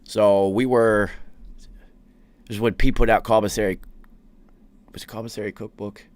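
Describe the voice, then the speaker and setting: Young male podcast host, low voice, loose profane storyteller. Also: flat delivery, moderate pace, darkish tone, no echo. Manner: profane, rambling anecdotes with laughs. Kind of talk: casual storytelling.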